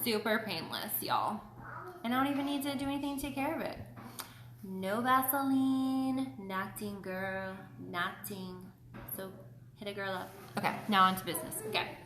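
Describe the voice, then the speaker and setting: Woman, beauty host, casual live tutorial, mid-pitched, chatty, echoey room. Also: animated, fairly quick, noisy background. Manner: chatty, greets viewers by name. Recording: roomy echo.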